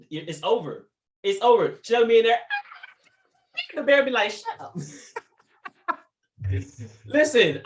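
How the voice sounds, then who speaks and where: A man's voice: very high voice, fairly bright tone, echoey room. A man giving a faith-based motivational talk on a livestream, playful and laughing often as he acts out little scenes. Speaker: motivational speaker.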